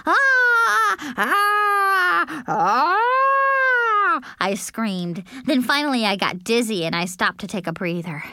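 A woman narrating a children's book in an animated, childlike first-person manner. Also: mid-range voice, normal speed, hardly any pauses, no echo, studio quality. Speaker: audiobook narrator. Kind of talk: expressive storybook narration.

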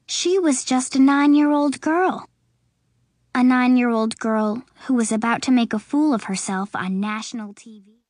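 Slow, expressive woman reading a storybook. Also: fairly high pitch, dry recording. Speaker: audiobook narrator. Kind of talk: storybook narration.

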